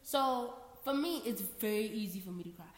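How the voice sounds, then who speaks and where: An animated woman co-hosting a casual podcast, her voice sitting a little high. She swears freely and laughs often. The room is echoey, with a long reverb tail. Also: normal speed. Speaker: podcast co-host. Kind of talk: casual chat.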